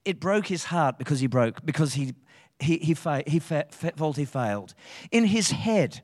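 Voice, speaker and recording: An Australian man, a pastor, preaching a live sermon in a conversational, animated way, often restarting his sentences for emphasis. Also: fairly high pitch, moderate pace. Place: church hall, live service. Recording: reverberant church hall.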